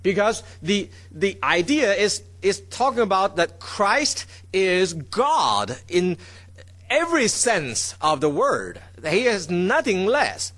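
A man's voice: high-pitched, big pitch swings, takes it slowly, a bit bright. A man teaching a Bible lesson from slides, stressing key words and often checking in with his listeners.

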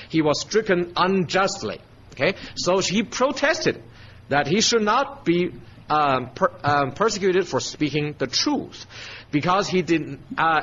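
A man's voice: high-pitched, fairly bright tone, lo-fi sound, slight background noise. A man giving a verse-by-verse Bible teaching, emphatic and checking in with his listeners with a frequent "okay?".

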